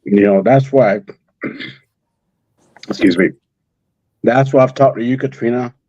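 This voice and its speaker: A man talking in an emotional conversation, halting and repeating words as he speaks through tears. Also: medium pitch, a little mellow, no room sound, dull audio. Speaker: guest, father of a missing daughter.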